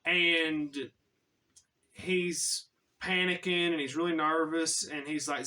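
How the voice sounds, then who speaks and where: A man's voice: a little high, steady tone, slow, pushed and bright, distant mic. A man telling a personal story in a casual, chatty way, full of slang.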